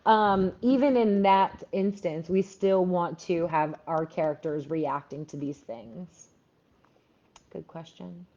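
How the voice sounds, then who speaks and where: Lady from philly answering viewer questions live, low mellow voice, lots of ums, muffled lo-fi sound. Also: slow. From Philadelphia. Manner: chatty, answers viewer questions with many fillers. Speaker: writing coach. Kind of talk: live stream Q&A. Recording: dull lo-fi livestream audio.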